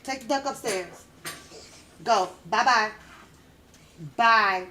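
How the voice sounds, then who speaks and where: A middle-aged woman hosting a casual live chat, telling stories loudly, laughing often and cursing freely. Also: a little high, lively intonation, measured pace, a little hiss or hum. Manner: loud, laughing, profane storytelling. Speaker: livestream host.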